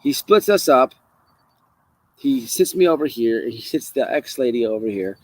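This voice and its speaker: A man telling a story in a casual live chat, halting and restarting his sentences. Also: medium pitch, expressive, darkish tone, poor audio. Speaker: co-host.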